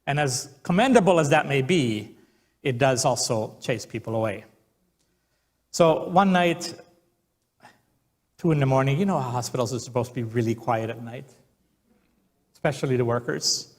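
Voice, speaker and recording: A man's voice: mid-range voice, moderate pace, pauses often. A man preaching a sermon as pastor, telling stories and acting out the quotes. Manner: storytelling, acts out quotes.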